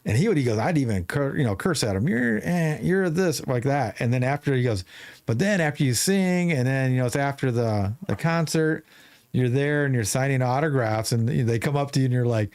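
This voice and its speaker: A man's voice: medium pitch, lively intonation, fairly quick, a little mellow. Rambling male podcast host. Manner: rambling storyteller with many restarts. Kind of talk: casual chat.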